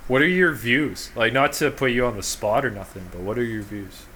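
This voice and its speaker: A man's voice: mid-range voice, normal speed, bright, forceful tone, a little hiss or hum. A man chatting on a podcast, reacting in a laid-back way and swearing casually. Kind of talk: casual chat.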